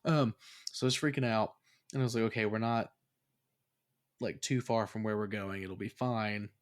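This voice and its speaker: A man in casual podcast chat, telling a rambling story. He swears freely and gets animated, sometimes laughing as he talks. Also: on the low side, a little fast. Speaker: podcast host.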